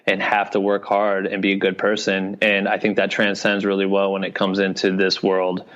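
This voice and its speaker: A man's voice: low voice, monotone, moderate pace, fairly bright tone. A man from Iowa, a guest in a casual podcast interview, talking in loose rambling runs full of fillers. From Iowa, US Midwest. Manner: loose rambling talk full of fillers, "you know what I mean". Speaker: guest, video director and creator. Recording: dull lo-fi podcast audio.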